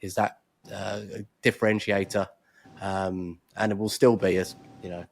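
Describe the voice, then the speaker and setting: A man hosting an interview, asking halting questions with many restarts and repeated words. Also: low-pitched, flat delivery, gravelly. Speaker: interview host.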